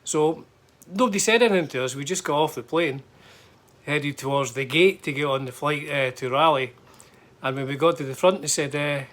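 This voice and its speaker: A man's voice: fairly high pitch, normal speed, a bit bright. A middle-aged man with a Scottish accent, chatting casually about a trip, rambling with lots of fillers and restarts. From Scotland. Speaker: guitar vlogger. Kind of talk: casual travel chat.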